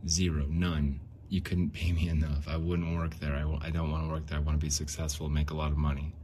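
A man's voice: extremely low pitch, little pitch movement, fast, dark tone, slight background noise. A man talking in a casual, rambling monologue, repeating phrases and restarting often. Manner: rambling, repeats himself, frequent likes and restarts. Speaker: podcast host.

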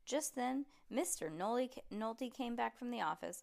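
Woman reading a storybook aloud with lively, animated pitch. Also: normal speed, vocal fry, few pauses. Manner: lively, animated reading with voiced characters and frequent slips. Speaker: storybook reader. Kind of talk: reading a children's chapter book aloud.

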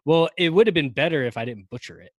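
A man's voice: a little high, fast, dry recording. A man co-hosting a podcast, bantering playfully with slang and dad jokes. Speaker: podcast co-host. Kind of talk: casual banter.

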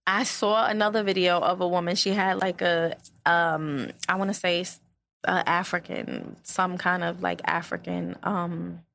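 Animated woman co-hosting a podcast. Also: fairly low pitch, a little slow, creaky. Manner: animated storytelling, interrupts to push back. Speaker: podcast co-host. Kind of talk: casual podcast chat.

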